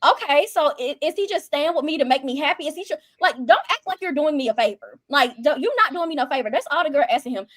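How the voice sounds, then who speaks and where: Brief: high-voiced woman reviewer, heated and profane, quick delivery. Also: lively intonation, a bit bright, no echo, studio quality. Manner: fast, heated, profane, acts out quotes. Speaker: reality show reviewer. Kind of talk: casual ranting commentary.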